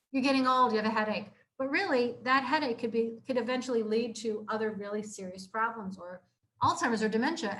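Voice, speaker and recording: A young adult woman speaks to a room of listeners about health. Her voice sits a touch on the high side, and she talks in a casual, earnest way, circling back, repeating points and leaning on fillers. It sounds like a live community talk, not a script. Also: a bit bright. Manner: casual, earnest, repeats herself with many fillers like "like" and "you know". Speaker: chiropractor giving a health talk. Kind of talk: informal health talk to an audience.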